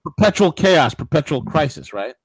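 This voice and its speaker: Animated male talk radio host. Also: on the high side, normal speed, vocal fry, husky, no room sound. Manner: animated, ranting with mock voices and laughs. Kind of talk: political talk radio commentary.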